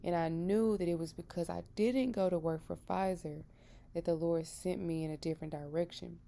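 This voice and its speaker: A woman in her thirties, a Christian vlogger, gives a personal testimony about her faith, recounting it with feeling in an earnest, emphatic way. Her voice is lowish, warm and creaky, with fairly even intonation and a moderate pace.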